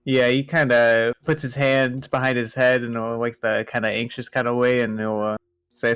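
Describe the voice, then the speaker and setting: A man's voice: mid-range voice, level tone, moderate pace, fairly bright tone, smooth, no room sound, low-quality recording. A young man narrating a tabletop game as dungeon master, laid-back and hesitant with many fillers.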